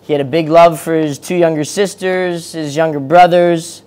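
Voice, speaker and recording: Male eulogy speaker, slightly high voice, casual delivery read from notes, lots of fillers. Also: steady tone, moderate pace, darkish tone. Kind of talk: memorial eulogy.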